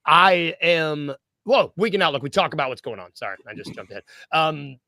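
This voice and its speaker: High, bright-voiced man rambling on a podcast. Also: very animated, dry recording. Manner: rambling, self-deprecating, quick jokes. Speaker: podcast co-host. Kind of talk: casual sports podcast chat.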